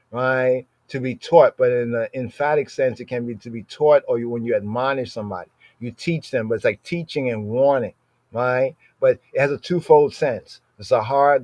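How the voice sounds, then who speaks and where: A man's voice: mid-range voice, darkish tone, no echo, muffled recording. A man giving a conversational Bible teaching. He keeps checking in with "right?" and repeats and defines Hebrew words. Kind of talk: Torah study talk.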